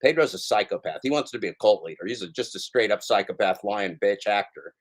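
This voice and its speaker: Taunting, profane livestream ranter. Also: male voice, on the low side, a little fast. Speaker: livestream host. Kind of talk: ranting casual commentary.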